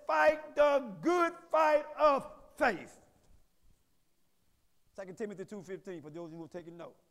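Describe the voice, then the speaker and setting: Pastor guy preaching, high voice, shouts then jokes around, long church reverb. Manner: preaching with shouted peaks and folksy asides. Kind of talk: sermon. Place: church sanctuary.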